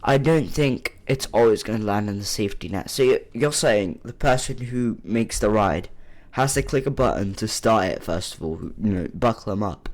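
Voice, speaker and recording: A man's voice: fairly low pitch, normal speed. A young man co-hosting a reaction video, interjecting with questions and remarks. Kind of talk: casual reaction chat.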